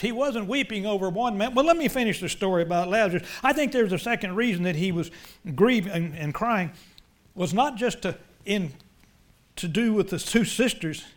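Impassioned high-voiced male preacher. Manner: impassioned, swings between loud emphatic lines and quiet low ones. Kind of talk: sermon.

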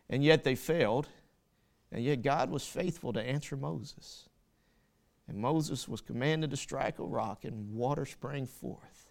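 A man's voice: medium pitch, a little slow, vocal fry. A man preaching a sermon, quoting scripture with rising fervor and making small slips and corrections as he goes.

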